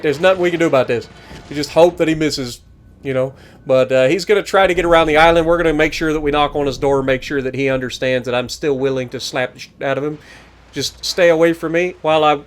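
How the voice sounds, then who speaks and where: A man hosting a gaming channel, giving animated, joking gameplay commentary and teasing his opponents. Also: on the high side, a little fast.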